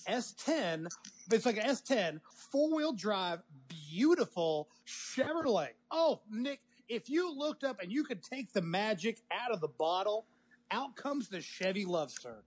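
A man co-hosting a podcast, arguing in an excitable, emphatic way and calling the others sir. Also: high-pitched, measured pace, husky. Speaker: podcast co-host. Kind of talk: heated casual banter.

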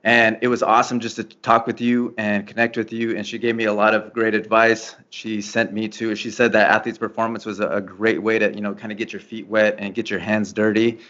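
A man hosts a relaxed interview, talking in a low, fairly monotone voice full of easygoing fillers. His tone stays even as he recalls shared history. The recording is dull and lo-fi. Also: fairly quick, few pauses. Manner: relaxed, reminiscing, many fillers. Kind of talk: casual interview chat.

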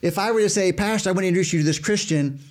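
A man's voice: high voice, very fast. A man discussing Scripture with a pastor. He talks emphatically, illustrates with everyday examples and repeats words as he goes. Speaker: co-host. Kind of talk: conversational Bible discussion.

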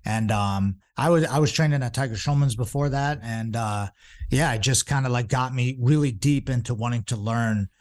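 This man in his forties, a jiu-jitsu instructor, has a medium-pitched voice and talks at normal speed. He tells stories in a loose, rambling way, packed with fillers and restarts.

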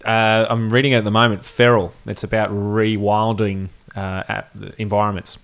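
Bright-voiced laid-back man. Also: lowish voice, flat delivery, moderate pace, gravelly. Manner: laid-back, candid and reflective. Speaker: podcast guest, band member. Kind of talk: casual podcast chat.

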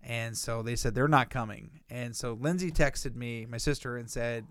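A man's voice: mid-range voice, fairly even intonation, normal speed, few pauses, fairly bright tone, no echo, studio quality. Profane rambling man telling stories. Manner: rambling profane storyteller who acts out quotes. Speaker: podcast co-host. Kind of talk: casual podcast chat.

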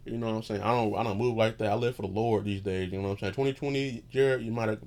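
Low-voiced man rambling casually from bed. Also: fairly even intonation, racing, darkish tone. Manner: loose, profane, meandering, loses his train of thought. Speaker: podcast host. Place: in bed at home.

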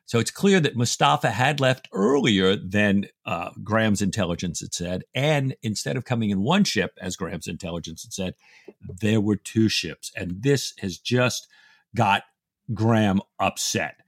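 A man co-hosts a book podcast, retelling scenes with amused, chatty asides. His voice is husky. The recording is dry and close. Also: lowish voice, lively intonation, unhurried, no echo. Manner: chatty, amused, says "you know" often. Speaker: podcast co-host.

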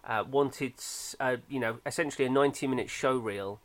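A man chats casually about films, thoughtful and opinionated, with lots of fillers. His voice is medium-pitched and brisk.

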